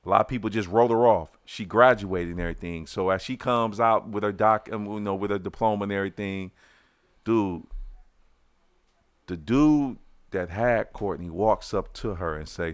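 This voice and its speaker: A middle-aged man with a Detroit accent telling a personal story on a podcast in casual, heated talk, restarting his sentences, swearing, and loudly acting out what people said. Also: fairly low pitch, moderate pace, no room sound.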